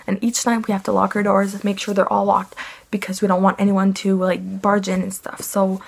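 A woman's voice: mid-range voice, level tone, normal speed, creaky. A young woman from Quebec telling an annoyed storytime vlog, rambling with many fillers. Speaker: family vlogger.

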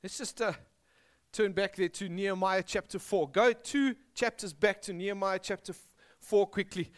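A South African pastor preaching a sermon, animated and emphatic, dropping his voice low on key words. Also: moderate pace.

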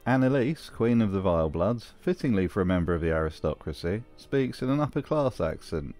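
A man gives dry, scripted commentary with a wry edge. His voice is lowish, with faint music underneath. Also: lively intonation, fairly quick, a little mellow. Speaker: video essayist.

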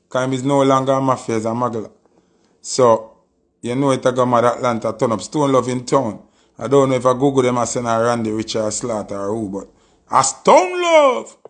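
A man with a Jamaican Patois accent, talking casually on a live stream and telling a story with emphatic, repeated oaths. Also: mid-range voice.

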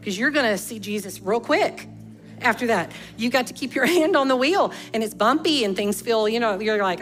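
A woman's voice: fairly high pitch, animated, a little fast, a bit bright, faint music behind. A woman, preaching a conversational sermon full of rhetorical questions. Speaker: pastor.

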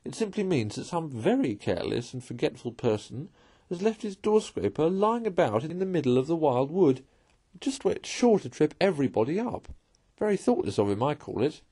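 A man reading a storybook aloud and voicing a small, fussy male mole who talks in a plaintive, petulant way with a husky voice. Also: a little high, big pitch swings, moderate pace, dark tone, voice pushed up, exaggerated voice.

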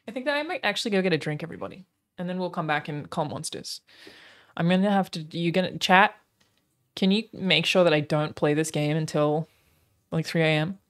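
A woman streamer in casual live-stream chat, talking to her viewers and cooing at her dog. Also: sits low.

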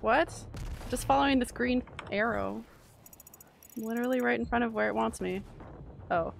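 A woman from Canada streaming a shooter game live, chatting casually, swearing and reacting loudly to the action. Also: on the high side, normal speed, creaky, a little hiss or hum.

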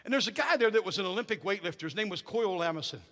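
A middle-aged man preaching as a guest in a church, telling stories with animated energy that builds to fervent shouting. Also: high voice, very fast. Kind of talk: sermon. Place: church sanctuary. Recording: reverberant church hall.

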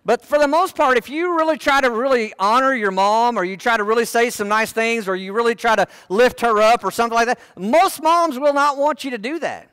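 A man's voice: very high-pitched, brisk, few pauses, fairly bright tone, clean tone, dry recording. A man preaching a sermon in church, folksy and full of joking asides. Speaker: pastor.

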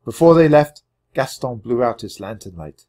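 A man reading a children's chapter book aloud with expressive, dramatic storytelling. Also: mid-range voice, moderate pace. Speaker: audiobook reader. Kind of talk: children's audiobook narration.

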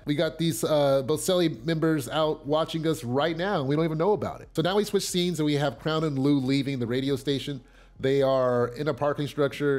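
A man casually recapping a TV episode in a chatty way, with fillers and repeated starts, getting loud and excited at big moments. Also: medium pitch.

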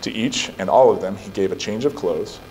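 A man's voice: on the low side, a little fast, slight background noise, poor audio. Male pastor preaching and reading scripture. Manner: emphatic rhetorical questions, then steady scripture reading. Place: church sanctuary.

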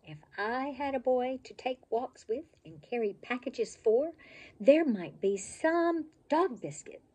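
Woman doing a storybook puppy, small, hopeful, polite, high and eager, slow and husky. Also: animated, mellow, heavily acted.

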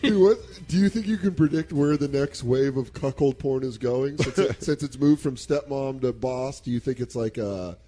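A man's voice: mid-range voice, normal speed, few pauses, warm tone. A man co-hosting a comedy podcast, tossing in dry asides and stories in casual chat. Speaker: podcast co-host.

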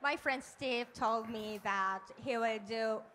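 Slow high-voiced woman. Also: sharp tone, a little hiss or hum. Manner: slow, careful storytelling with pauses. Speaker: guest at a cooking demo.

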